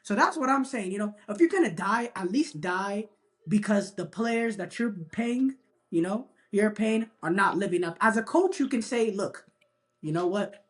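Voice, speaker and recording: A man's voice: high voice, lively intonation, normal speed, fairly bright tone. A man co-hosting a sports talk show, making a long emphatic point and leaning on "you know" as he argues. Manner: emphatic, repeats himself, lots of "you know". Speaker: sports podcast co-host. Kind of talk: casual sports debate.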